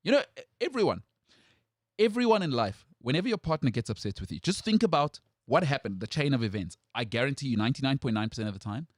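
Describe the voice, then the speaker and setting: An opinionated man hosting a sports talk show, his pitch leaping high whenever he gets worked up. His voice swings widely through lively rants, and the recording is close and dry with no room sound. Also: fast talker, dry recording. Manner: animated, jumps high in pitch when outraged. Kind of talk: opinionated casual sports chat.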